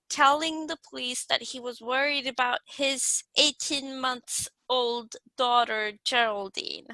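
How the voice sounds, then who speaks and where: A woman's voice: on the high side, pushed and bright, no echo, rough recording. A woman hosting a true-crime podcast, reading her case notes steadily and giggling between lines. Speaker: podcast host. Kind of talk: scripted true-crime narration.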